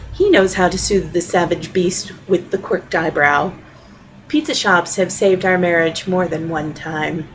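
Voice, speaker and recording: A middle-aged woman reading her own personal essay aloud, with a wry, deadpan storytelling manner. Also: lowish voice, slight background noise, poor audio.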